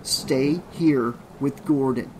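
A man voicing a frightened young man in an audiobook who gives slow, firm orders. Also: mid-range voice, background noise, natural voice. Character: tense young man leading into danger.

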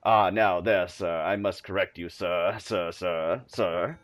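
A man voicing a cold, pompous gunman who speaks low and clipped while mocking his victim. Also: slow pace, no room sound, soft background music. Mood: smug.

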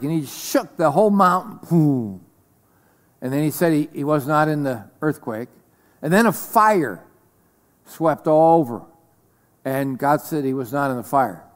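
A man preaching a sermon as pastor, slow and deliberate, swinging between loud declarations and soft whispers. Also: fairly high pitch, long reverb tail. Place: church sanctuary.

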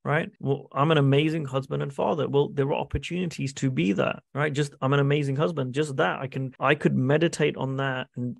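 A man's voice: medium pitch, steady tone, fairly quick, creaky, hardly any pauses, dry recording. A man giving a business coaching masterclass, telling candid stories and acting out the exchanges he describes. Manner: candid storytelling, acts out quoted exchanges. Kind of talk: masterclass talk with anecdotes.

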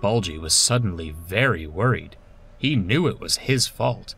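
A man reading a children's story as narrator, expressive and scripted. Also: low-pitched, normal speed, faint music behind.

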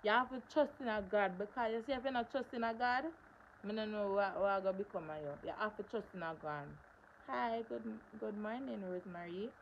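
A woman's voice: medium pitch, brisk, highs cut off, a little hiss or hum. A young woman, telling a story on her livestream in an emphatic way, repeating phrases for stress. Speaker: livestream host.

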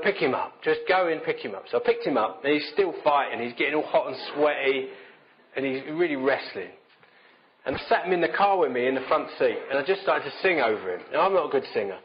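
A man's voice: a little high, muffled recording, a little hiss or hum. A man preaching a sermon in a conversational, self-deprecating storytelling manner.

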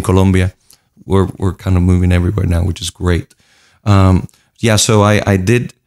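A man from Puerto Rico, a pastor, telling his story earnestly in a casual interview. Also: low-pitched. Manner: earnest, storytelling, lists things in runs.

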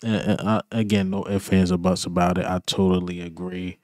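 A man's voice: sits low, level tone, a little fast, darkish tone, no echo, clean studio sound. A man vlogging a frustrated, emphatic sports reaction rant, repeating his points in casual slang.

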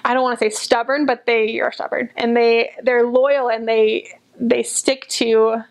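This young woman, back from missionary service, reflects casually and earnestly on people she came to love, gushing and repeating herself often. Her voice is fairly high and flat, and she speaks a bit slowly.

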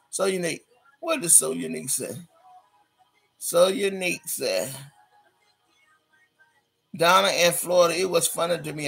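A woman's voice: on the low side, creaky, slightly rough. A woman hosting a livestream, reading out chat comments in a brash, profane, laughing way. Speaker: livestream host.

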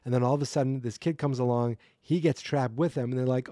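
Rambling podcast host, mellow voice. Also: male voice, mid-range voice, fairly even intonation, fast talker, few pauses, no room sound, studio quality. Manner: rambling, self-correcting, wry asides. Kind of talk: casual solo episode recap.

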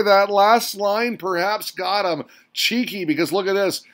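A man's voice: high voice, a little slow, few pauses, fairly bright tone. A man hosting a mock sports recap with a hyped announcer delivery full of exclamations. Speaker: host.

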